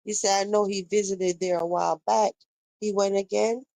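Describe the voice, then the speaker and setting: Young woman talking gossip on her live, answering chat, mid pitch, dry close mic. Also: steady tone, normal speed, gravelly, mellow, no room sound, low-quality recording. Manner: chatty, reacting to viewer comments and retelling gossip. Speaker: livestream host. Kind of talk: casual live-stream commentary.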